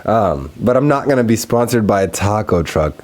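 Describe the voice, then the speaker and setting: Young male podcast host, casual profane rant, very lively intonation. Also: lowish voice, moderate pace, slight background noise. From Texas. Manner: profane, animated, laughs often.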